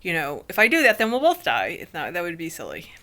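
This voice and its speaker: A woman's voice: on the low side, huge pitch swings, fast, bright, forceful tone, exaggerated voice. A woman voicing a scheming male scorpion in a told fable, with a wheedling manner.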